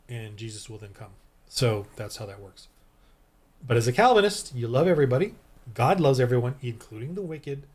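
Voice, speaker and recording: A man from the United States giving a rambling, heated, preachy commentary monologue as a Christian video host. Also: medium pitch.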